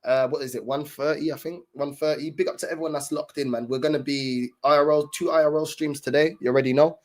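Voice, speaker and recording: This young man speaks fast in a higher-than-average voice with fairly even intonation. Hosting a livestream, he chats with viewers in an easygoing, slangy way, using many fillers.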